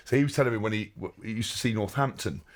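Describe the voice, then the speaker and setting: Male podcast host, fast and teasing, lower voice. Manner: jokey, teasing, quick banter. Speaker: podcast host, former rugby player. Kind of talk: casual podcast banter.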